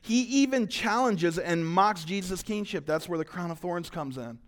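A male pastor preaching a sermon, animated, acting out voices and swinging between loud and quiet. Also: sits high, normal speed.

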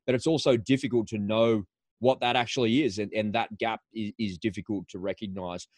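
A man's voice: lowish voice, fairly even intonation, a little fast, no room sound. A man hosting an interview in a studio, telling stories with enthusiasm and often repeating words as he gathers his thoughts. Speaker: podcast host. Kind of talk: casual conversational interview.

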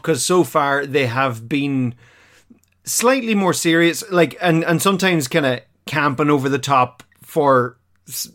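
A slightly high-voiced man talks through an episode in a loose, chatty way, stopping and restarting often and laughing as he goes. He sounds like a podcast co-host reacting to a show for the first time. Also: fairly bright tone. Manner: chatty and hesitant, lots of fillers, laughs as he talks. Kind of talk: casual chat, recapping an episode.

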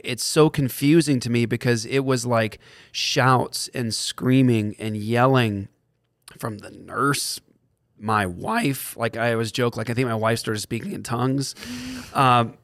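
A man's voice: medium pitch, no room sound, studio quality. A man speaking as a podcast guest, telling an earnest story and acting out the dialogue as he goes. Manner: acts out quoted dialogue while telling a story. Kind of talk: animated storytelling in conversation.

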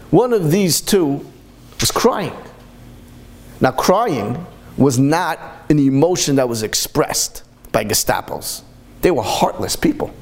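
A man's voice: fairly high pitch, a little mellow. A man giving a storytelling sermon as a Torah speaker, impassioned and full of repeated rhetorical questions.

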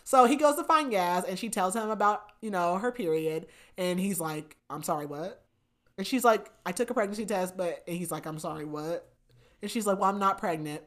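A woman hosting a podcast, casually retelling a novel's plot with animated quoted dialogue and frequent laughs. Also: mid-range voice, a little fast, few pauses. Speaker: podcast host. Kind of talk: casual book recap chat.

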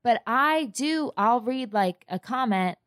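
A woman's voice: on the high side, lively intonation, slow, fairly bright tone, dry recording, clean studio sound. A woman co-hosting a podcast in casual chat, blunt and swearing freely. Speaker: podcast co-host.

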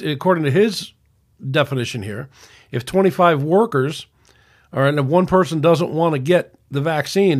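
A man in his sixties speaks his mind on his own podcast, in a voice pitched a little high for a man. He reads out messages and argues back, often stopping to restart a sentence. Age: 60s. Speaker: podcast host. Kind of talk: opinion monologue.

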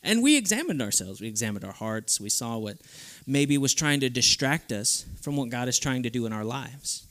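A man preaching an animated sermon at a youth camp, acting out the voices of the people he quotes. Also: mid-range voice, normal speed.

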